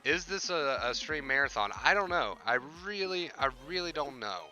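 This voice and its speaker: A man's voice: a little high, lively intonation, normal speed, pushed and bright, faint music behind. A man hosting a live stream, talking casually and earnestly to his viewers while grieving, often repeating himself for emphasis. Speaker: YouTube live-streamer hosting a mental-health Q&A.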